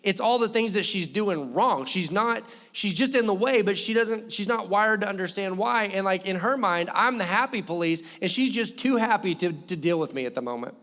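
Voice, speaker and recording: Male pastor, young, animated, joking storytelling, higher voice, long hall reverb. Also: moderate pace, hardly any pauses. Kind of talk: sermon. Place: church hall.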